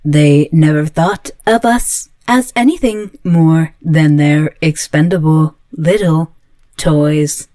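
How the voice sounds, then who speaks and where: A clingy, volatile yandere android girl, voiced by a woman in an audio drama. Her delivery is slow and earnest, with every line a plea. The voice sits close and dry, with no room around it. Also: low voice, mellow, no echo. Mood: resentful. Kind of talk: audio roleplay.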